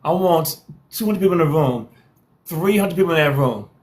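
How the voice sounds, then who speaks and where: A man's voice: fairly high pitch, lively intonation, normal speed. A man hosting a live social stream, hyping viewers with repeated calls to follow and share and playful trash talk.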